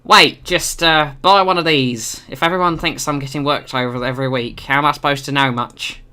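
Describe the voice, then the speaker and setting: Guy doing a shifty nervous little fence, wheedling, begging for cash, bright voice. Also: on the high side, fairly even intonation, a little fast, clear, resonant tone. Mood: pleading.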